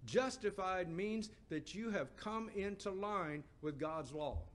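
High-voiced man preaching a sermon. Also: slow pace. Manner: emphatic, rising questions and dropping to a hushed low voice.

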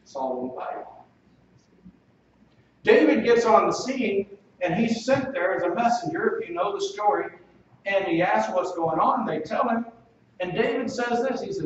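Emphatic preacher in an echoey hall. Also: male voice, high voice, animated, normal speed, slight background noise. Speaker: pastor. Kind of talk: sermon. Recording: echoey, dull, distant room recording.

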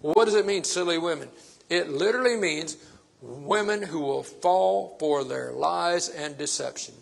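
A man's voice: fairly high pitch, normal speed, gravelly. A man preaching a sermon, stressing his points by repeating phrases.

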